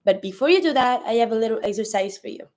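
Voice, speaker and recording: A woman with a slightly higher voice teaches an online language lesson. Her first language is French. She explains step by step and patiently repeats each word so learners can practise it. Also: expressive, darkish tone. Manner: patient, slow-paced explanation, repeats words for drill.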